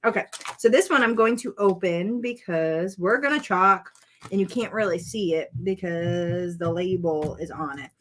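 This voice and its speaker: A woman's voice: on the low side, moderate pace, slight background noise. A woman in her thirties or forties hosting a casual crafting vlog, chatty, rambling and playful with her viewers. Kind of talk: casual livestream chat.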